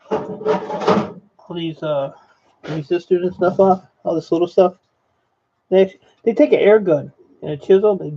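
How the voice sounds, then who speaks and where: Sorting through scrap circuit boards, this male e-waste vlogger chats to his viewers in a high-sitting, mellow voice. He rambles casually and speaks bluntly. Faint noise runs under the dull, lo-fi recording.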